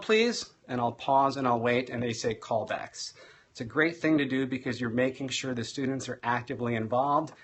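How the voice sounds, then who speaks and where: An energetic man teaches over a live stream at a mid-range pitch. He shifts between loud and soft and speeds up and slows down to stress his points. He sounds like a practiced classroom speaker. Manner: energetic, varies loudness and pace for emphasis.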